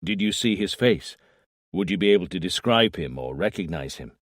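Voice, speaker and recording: A man's voice: deep voice, lively intonation, moderate pace, no room sound, studio quality. A man voicing a tired, irritable police detective who questions a witness curtly. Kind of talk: audiobook character voice.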